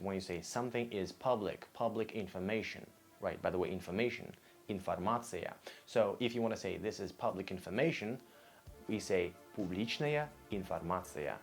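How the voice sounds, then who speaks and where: A man giving a casual video language lesson, upbeat and speaking straight to viewers, repeating each word slowly so they can copy it. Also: fairly low pitch, darkish tone, faint music behind. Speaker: Russian language teacher.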